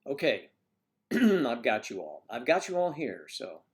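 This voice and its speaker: A man's voice: medium pitch, very animated, a little slow. A man hosting a casual livestream, chatting with viewers and reading their comments, teasing and muttering asides to himself.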